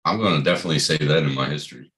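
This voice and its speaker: A man with a very deep voice chats on a livestream and laughs easily. His talk is loose and joking, with a relaxed, unhurried feel. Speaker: livestream co-host. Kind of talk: casual chat.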